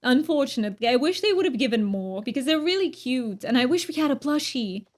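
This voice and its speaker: A woman's voice: sits high, lively intonation, fairly quick. A woman streaming live, chatting casually with viewers, often giggling and thanking them by name. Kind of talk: casual livestream chat.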